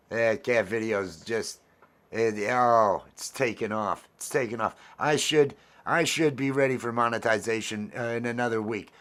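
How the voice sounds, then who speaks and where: A man's voice: fairly low pitch, fairly bright tone. A man hosting a casual livestream vlog, rambling cheerfully and repeating his phrases as he chats with viewers. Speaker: vlog host.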